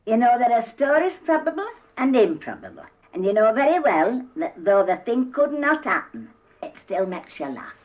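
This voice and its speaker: An older woman with a Yorkshire accent telling humorous dialect stories, acting out the characters' voices with lively shifts. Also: on the high side, normal speed. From Yorkshire, England. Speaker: dialect storyteller. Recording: roomy, dull old cassette tape.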